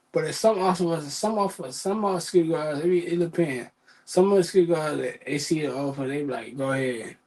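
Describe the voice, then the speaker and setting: A man's voice: on the high side, a little mellow, breathy edge, low-quality recording. A man telling work stories in a casual, profane, exasperated rant, repeating himself.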